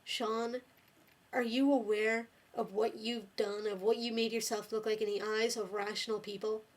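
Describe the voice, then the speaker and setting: A woman with a slightly high voice vents in an angry video rant. She scolds and lectures with open exasperation and swears often. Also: level tone, moderate pace. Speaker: video blogger.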